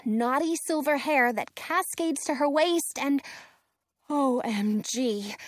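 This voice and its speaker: A woman reads a children's storybook aloud, slowly and with a lively, rising and falling voice. Her voice sits a little high, and the sound is close and dry. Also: no echo. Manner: expressive, lively delivery. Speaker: narrator.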